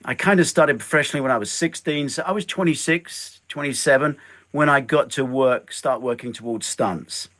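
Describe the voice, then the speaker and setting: An older stuntman and filmmaker shares stories as an interview guest, speaking at normal speed in a mid-range voice. He stays animated throughout, acting out the lines he quotes.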